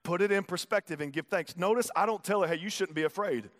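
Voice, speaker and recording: A man with a Southern American accent preaches in a church, his voice sitting high for a man. He talks in a folksy, conversational way and sometimes sinks low and quiet to press a point. A long reverb trails his words around the sanctuary. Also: fast. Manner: conversational preaching, folksy asides, drops to soft low tones for emphasis. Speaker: pastor. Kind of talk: sermon.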